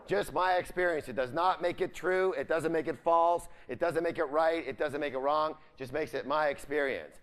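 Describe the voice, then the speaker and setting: A middle-aged man giving a motivational seminar, quizzing the audience and leaving the ends of his sentences for them to fill in. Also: fairly high pitch. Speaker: seminar speaker.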